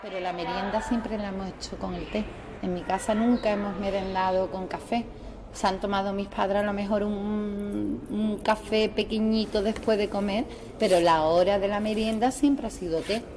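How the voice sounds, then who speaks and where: A middle-aged woman in an interview, sharing warm, anecdotal memories of home life. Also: medium pitch. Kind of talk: reminiscing about home life. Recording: clear background noise.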